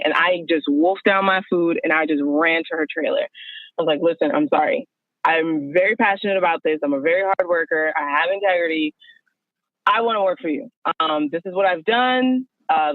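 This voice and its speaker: A woman guest telling her story on a phone call, animated and acting out the dialogue she quotes. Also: low-pitched, no room sound. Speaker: guest, wardrobe stylist. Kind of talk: casual storytelling over the phone. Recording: tinny phone line.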